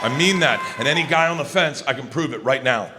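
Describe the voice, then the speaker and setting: A man in his fifties telling stand-up stories on stage, loud and swinging between low asides and shouted high bursts. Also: lively intonation, fast talker. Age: 50s. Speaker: stand-up comedian. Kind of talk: stand-up comedy storytelling. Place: large arena on stage. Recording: live show with clear crowd noise. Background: audience laughter.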